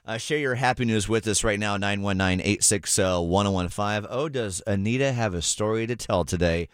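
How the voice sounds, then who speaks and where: A man's voice: on the low side, normal speed, smooth, no room sound, clean studio sound. A man hosting a morning radio show, upbeat and joking with a caller.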